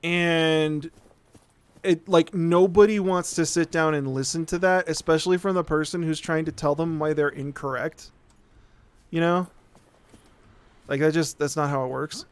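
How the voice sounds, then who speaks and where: A man talks through a long, rambling rant while he plays, cursing easily and checking in with his listeners. His voice sits a little high and sounds clean and resonant. The room is dry and close. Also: steady tone, measured pace, pauses often, smooth, no room sound. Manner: rambling, profane, keeps asking "right?". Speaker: streamer. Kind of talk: casual live-stream rant while gaming.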